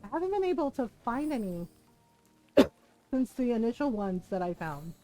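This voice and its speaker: High-pitched woman streamer, easygoing storyteller who chats while she plays. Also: big pitch swings, normal speed, warm tone, soft background music. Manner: chatty anecdotal storytelling, acts out family quotes. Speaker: game streamer. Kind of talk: casual live-stream chat while playing.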